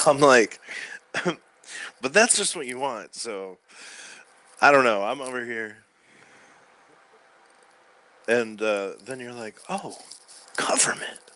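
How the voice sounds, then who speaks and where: A man delivering a rambling spoken-word monologue from his bed into a microphone, swinging between loud outbursts and quiet mutters. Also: mid-range voice. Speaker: recording artist. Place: bedroom.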